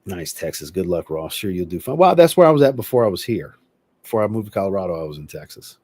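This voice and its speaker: A man hosting a livestream and chatting casually, reading viewer comments aloud and answering them in a relaxed, rambling way. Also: sits low, quick pace, husky. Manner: relaxed, rambling, with filler words. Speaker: host.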